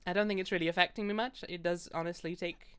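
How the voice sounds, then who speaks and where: A woman's voice: fairly low pitch, fairly even intonation, fast talker, fairly bright tone, clean tone. A young British woman chatting casually while streaming a game, rambling and laughing often. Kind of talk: casual gaming stream chat.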